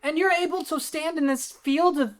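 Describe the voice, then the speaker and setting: A woman's voice: high voice, moderate pace, lightly acted. A woman improvising a naive, lovesick young woman who is a gangster's sweetheart, in an audio comedy. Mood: dreamy. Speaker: improv performer.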